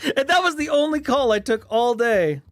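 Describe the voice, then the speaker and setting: A man's voice: very high-pitched, moderate pace. A man hosting a game stream, telling a funny work story casually and acting out the people in it. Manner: animated storyteller, voices the people in his tale. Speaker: streamer host.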